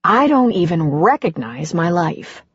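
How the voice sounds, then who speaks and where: A woman reading an audiobook and voicing a gentle, self-deprecating older man who speaks softly. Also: fairly low pitch, very animated, measured pace, husky, no echo, highs cut off, heavily acted. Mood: wondering, gentle. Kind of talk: audiobook character voice.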